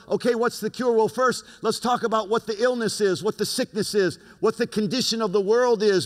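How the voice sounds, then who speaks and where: A pastor preaching in a high-pitched male voice, driving his points home through repetition. His words ring out with long reverb in a large church hall. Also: fairly bright tone. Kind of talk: sermon.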